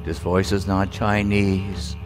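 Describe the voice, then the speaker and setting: A man giving a solemn spiritual talk, with deliberate phrasing and long pauses. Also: low voice, little pitch movement, music in the background. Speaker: spiritual teacher.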